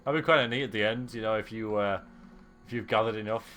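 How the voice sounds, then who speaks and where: Speaking fast in a fairly low, fairly bright voice, a man offers casual live commentary while streaming a game. He's chatty and jokes with the audience, laughing frequently, against faint game music.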